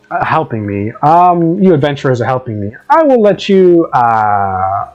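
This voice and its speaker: A man's voice: medium pitch, a little mellow, muffled recording. A man voicing a talking goat who is a wizard, musing in a chatty, offhand way.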